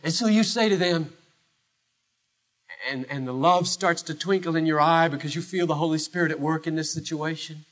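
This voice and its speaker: A man preaching a sermon as pastor, emphatic, swinging from loud declarations to hushed low phrases with long pauses.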